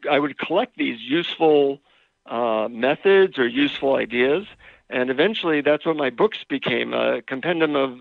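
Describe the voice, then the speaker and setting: A man, an author and marriage and family therapist, telling relaxed anecdotes as a guest in an interview. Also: on the high side, gravelly, dry recording. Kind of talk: interview with storytelling. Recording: tinny phone line.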